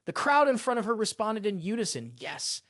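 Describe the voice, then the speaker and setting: A narrator reading a fantasy story recap in a scripted, expressive storytelling style. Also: mid-range voice, fairly quick, dry recording, clean studio sound.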